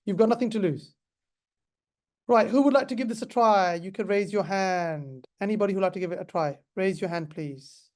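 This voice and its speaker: High-voiced chatty male pharmacy tutor. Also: normal speed. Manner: chatty, repeats himself, addresses the class directly. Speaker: pharmacist teacher. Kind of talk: online webinar teaching.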